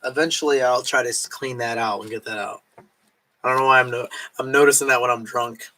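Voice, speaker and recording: A man's voice: medium pitch, steady tone, a little fast, bright, forceful tone, poor audio. A drunk man rambling casually on a late-night live stream at home, swearing and chewing food as he talks.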